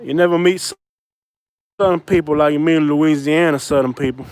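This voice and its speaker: A man's voice: fairly high pitch, steady tone, moderate pace, a little mellow, smooth, no room sound. A man from Florida rambling in casual chat while driving, talking to viewers and his passenger. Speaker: vlogger. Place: car.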